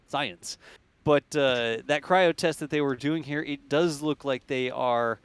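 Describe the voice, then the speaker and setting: A man's voice: a little high, measured pace, clear, resonant tone, dry recording. A man hosting casual live commentary on a rocket test, chatty and joking as he explains things plainly. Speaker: livestream host.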